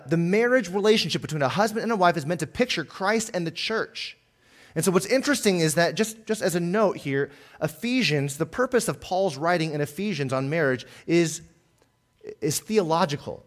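A man preaching a sermon in an earnest tone, rising louder on key points and dropping softer after them. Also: fairly high pitch. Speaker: pastor.

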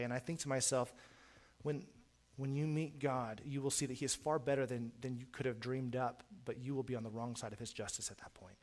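A man's voice: medium pitch, fairly even intonation, fairly quick. Earnest man preaching a sermon. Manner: earnest, preaching with sudden loud rises and quiet drops; repeats words at the start of phrases.

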